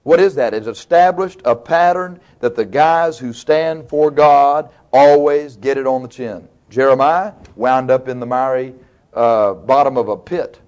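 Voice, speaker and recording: A man's voice: medium pitch, a little slow, darkish tone, lo-fi sound. A man preaching a sermon, retelling stories in a folksy, colloquial, dramatic way. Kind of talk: sermon, storytelling.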